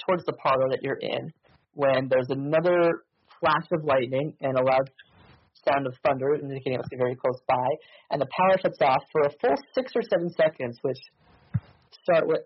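Husky-voiced man narrating a tabletop game. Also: mid-range voice, muffled recording. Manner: rambling, many ums and uhs. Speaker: game master.

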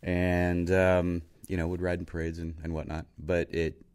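An American man with a very low voice, telling stories in a loose, playful way. He jokes around and fills his talk with ums and restarts. He sounds like a co-host on a relaxed chat show. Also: normal speed, smooth. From United States. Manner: joking, playful, rambling with fillers. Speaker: podcast co-host, army veteran. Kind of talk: casual chat, storytelling.

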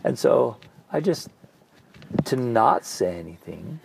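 A middle-aged man, co-host of a parenting talk show, telling a personal story in a casual, animated way, acting out his own past thoughts. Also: mid-range voice, takes it slowly, gravelly, noisy background. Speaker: podcast co-host.

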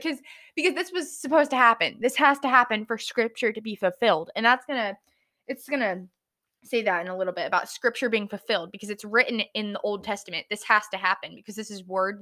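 Young woman, casual Bible study host, bright tone, chatty and stumbling. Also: fairly high pitch. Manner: chatty, filler-heavy, stumbles over words. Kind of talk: casual Bible reading and reflection.

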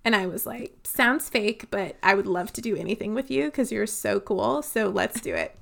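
A woman from Louisiana co-hosts a casual book podcast, telling stories chattily and saying "like" a lot. She speaks at a moderate pace in a medium-pitched, fairly bright voice with vocal fry.

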